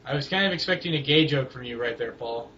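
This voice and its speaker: A young man co-hosting a casual wrestling chat, rambling and halting, with lots of fillers and restarts. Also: mid-range voice, pushed and bright. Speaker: co-host of a wrestling blog. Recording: dull lo-fi home recording with faint hiss.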